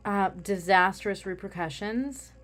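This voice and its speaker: A woman's voice: medium pitch, a little slow, a bit bright, faint music behind. A woman craft vlogger chatting casually while she works, rambling with self-mocking humor.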